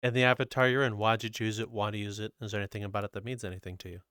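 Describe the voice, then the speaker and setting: A man hosting a podcast, asking his guest questions plainly and halting at times. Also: lowish voice, flat delivery, a bit bright, clean tone, no echo, studio quality. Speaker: podcast host. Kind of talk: casual interview.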